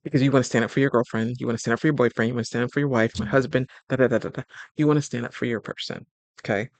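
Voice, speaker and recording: A man's voice: medium pitch, fairly even intonation, racing, vocal fry, no echo. A man hosting a casual advice talk on relationships, speaking in a loose, colloquial way and acting out little scenes. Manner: chatty, acts out little scenes in quoted voices.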